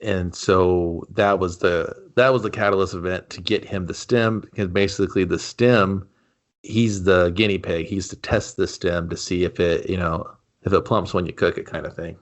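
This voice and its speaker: A man with a very low voice talking over a film in a relaxed way. He lays out what happens in the story and reacts easily to his co-host. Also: normal speed. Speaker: movie review podcast co-host. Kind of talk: casual chat.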